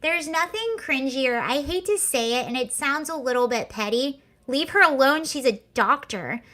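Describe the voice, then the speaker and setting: A woman with a somewhat high voice hosts a casual livestream. She chats sarcastically, laughs often and reads viewer comments aloud. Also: lively intonation, moderate pace, bright, forceful tone. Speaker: livestream host. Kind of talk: casual chat reacting to clips and comments.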